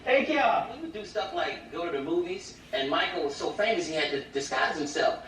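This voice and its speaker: A man telling funny stories, animated and laughing, often mimicking other voices. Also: a little high, fairly quick. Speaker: comedian. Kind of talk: comic storytelling. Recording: echoey, distant, noisy.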